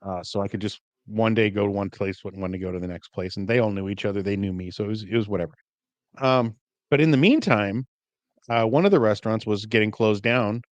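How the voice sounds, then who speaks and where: Relaxed man, dry close sound. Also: on the low side, fairly quick, dry recording. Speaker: podcast co-host. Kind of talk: casual storytelling chat.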